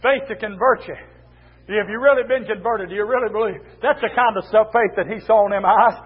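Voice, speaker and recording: A male preacher delivering a fiery revival sermon in church, chanting rhythmic lines with an "uh" between phrases and shouting his refrains. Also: sits high, fairly quick, breathy edge. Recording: tinny, phone-like church recording.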